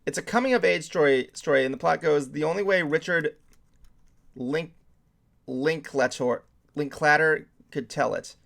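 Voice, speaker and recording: A man's voice: fairly high pitch, normal speed, vocal fry, fairly bright tone. A man hosting a casual nerdy talk show, rambling and often stumbling over his words as he talks through movie trailers. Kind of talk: casual chat.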